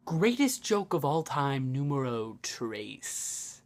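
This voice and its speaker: A young man telling jokes into his phone in a slow, deadpan way, with self-deprecating asides. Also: medium pitch. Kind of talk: casual joke-telling to a phone camera.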